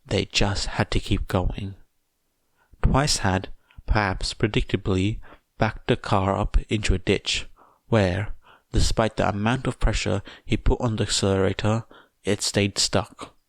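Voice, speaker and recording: A man reading fan fiction aloud as a podfic narrator, in a measured, even way. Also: lowish voice, gravelly, no room sound. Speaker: podfic reader.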